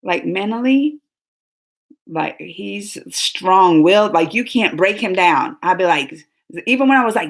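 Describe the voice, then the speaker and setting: A woman hosting a casual reaction discussion, talking in an animated, rambling and emphatic way with the people in the room. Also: mid-range voice, a little slow. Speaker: reaction show host.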